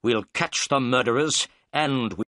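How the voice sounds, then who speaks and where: A man voicing a confident, commanding male detective who speaks in brisk, decisive terms. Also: medium pitch, sharp tone, no room sound, studio quality.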